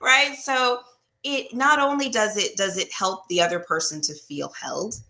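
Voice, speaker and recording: A woman couples therapist explaining in a casual, animated way, often asking "right?" and acting out what people say. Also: medium pitch, a little slow, gravelly. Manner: animated, acts out quotes, often asks "right?".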